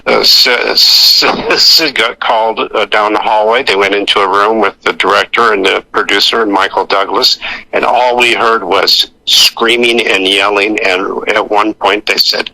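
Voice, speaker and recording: Older male raconteur, gravelly and low, bright forceful edge, rambling anecdotes with acted-out quotes. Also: fairly even intonation, unhurried, dry recording, rough recording. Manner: rambling, many restarts, acts out quoted voices. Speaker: actor guest. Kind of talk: anecdotal storytelling.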